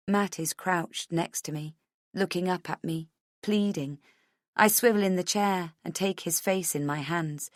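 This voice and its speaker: A woman narrating a suspense audiobook in the first person, measured and tense. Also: lowish voice, no echo, clean studio sound.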